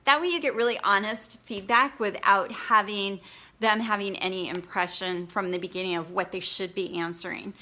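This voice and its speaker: A woman's voice: mid-range voice, fairly even intonation, moderate pace, bright, forceful tone. A woman blogging coach giving a casual, encouraging live training, chatty and full of fillers.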